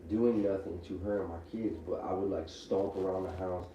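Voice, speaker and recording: A man's voice: low-pitched, fairly even intonation, moderate pace, dark tone. A man in his thirties on parole, talking casually and loosely about his family, full of filler words. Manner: loose, rambling with many likes. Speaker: former inmate on parole. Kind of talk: casual candid chat. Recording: muffled echoey room audio from a distance, faint hiss.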